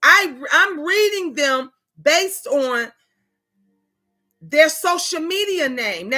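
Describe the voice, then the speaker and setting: Bright-voiced woman telling reading stories. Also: high voice. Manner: animated storytelling, quoting spirits and viewers in character. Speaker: tarot reader and channel host. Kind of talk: casual livestream chat.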